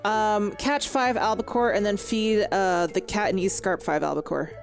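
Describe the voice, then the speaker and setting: A woman gamer offering friendly tips while playing, her voice full of vocal fry. She speaks at a middle pitch, and light game music plays behind her. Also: normal speed. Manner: helpful, gives game tips. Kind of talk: casual gameplay chat.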